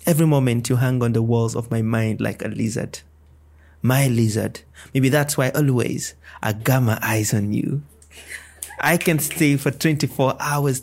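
A man's voice: medium pitch, darkish tone. A man, a podcast guest, performing spoken-word poetry with a rhythmic, playful delivery full of wordplay.

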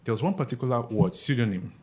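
A man's voice: mid-range voice, quick pace. Nigerian man arguing a point, restarting often. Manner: animated, argumentative, repeats words when starting a point. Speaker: podcast co-host. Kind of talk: casual chat.

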